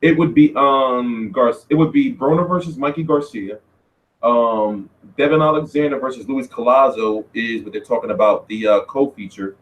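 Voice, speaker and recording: A man hosting a casual boxing Q&A stream, talking loosely and profanely, with loud, high-pitched outbursts when he tells a story. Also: normal speed, low-quality recording. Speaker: boxing show host.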